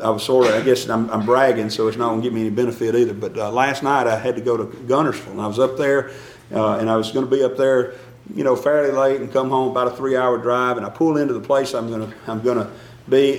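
Folksy preacher in an echoey church. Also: male voice, medium pitch, a little hiss or hum. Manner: folksy, self-deprecating, chuckles often. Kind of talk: conversational sermon.

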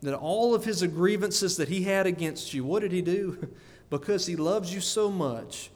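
A man's voice: high-pitched, animated, normal speed, a little mellow, big-room sound. A man preaching a sermon in an earnest way, often repeating words and putting questions to his listeners.

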